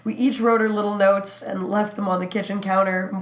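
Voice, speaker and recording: A young adult woman co-hosting a podcast, telling stories in a laid-back, unhurried casual chat. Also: mid-range voice, little pitch movement. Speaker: podcast co-host. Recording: roomy echo.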